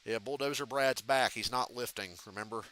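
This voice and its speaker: Man reacting live to a race, bright sharp voice, rambling, profane and quick to laugh. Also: medium pitch, poor audio. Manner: profane, rambling, laughs often at his own stories. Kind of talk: casual live reaction commentary.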